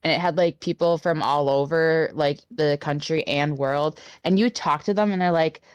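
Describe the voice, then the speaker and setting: A woman's voice: sits low, normal speed, smooth, no room sound, muffled recording. A woman from Wisconsin with a Wisconsin accent, co-hosting a casual podcast chat, talking in a chatty, giggly way. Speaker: podcast co-host.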